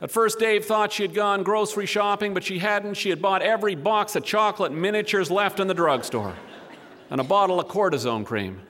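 A man's voice: sits high, a little fast, fairly bright tone. A man telling a humorous story to a live audience, with wry asides. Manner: wry, dry comic delivery with asides.

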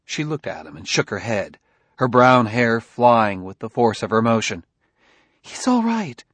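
A man narrating an audiobook in an expressive reading voice. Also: on the low side, moderate pace, dry recording.

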